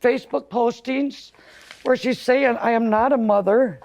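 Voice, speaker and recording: A woman testifying as plaintiff in court, speaking haltingly and pleading. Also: fairly high pitch, a little mellow.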